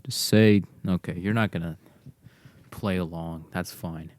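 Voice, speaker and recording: Slow, low-voiced rambling podcast host man. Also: steady tone, a little mellow, no echo. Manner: rambling, meandering, self-deprecating. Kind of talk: casual solo podcast monologue. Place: home garage. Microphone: desk mic to computer.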